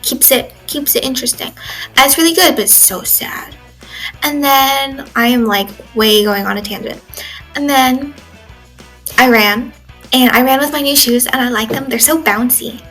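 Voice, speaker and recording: A woman's voice: sits high, normal speed, a bit bright, soft background music, poor audio. A sixteen-year-old girl recording a casual video diary in her room, rambling with lots of "like" and "um" fillers. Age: teens. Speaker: exchange student video journaler. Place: bedroom at home.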